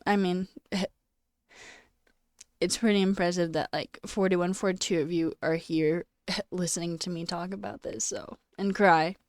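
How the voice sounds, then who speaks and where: A woman talking casually on a live stream, tearful and crying, speaking in halting phrases broken by sighs. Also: fairly low pitch, steady tone, dry recording, studio quality. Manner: halting, sighing, quietly emotional.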